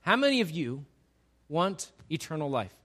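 A man's voice: on the high side, very animated, normal speed, a bit bright. A man preaching a sermon, who reads scripture and acts out its dialogue with playful humor. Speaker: pastor.

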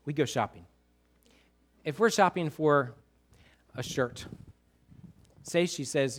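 A man's voice: mid-range voice, measured pace, long pauses, a little hiss or hum. A middle-aged man preaching a sermon in a conversational way, asking the congregation questions and often repeating himself. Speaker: pastor.

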